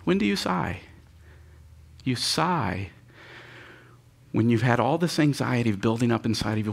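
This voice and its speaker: Speaking at normal speed in a creaky voice with long pauses, a male pastor gives an animated, dramatic sermon. He sighs audibly, jumps up in pitch, and guides the congregation through reading scripture aloud.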